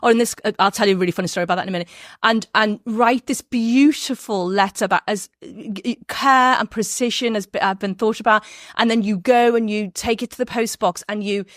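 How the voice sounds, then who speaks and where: A woman from Merseyside with a softened Liverpool accent, talking as an interview guest in a lively way, often restarting her sentences. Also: medium pitch, no echo, studio quality. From Merseyside, England. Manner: animated, quick, with frequent restarts and laughs. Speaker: guest, biographer. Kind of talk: casual interview talk.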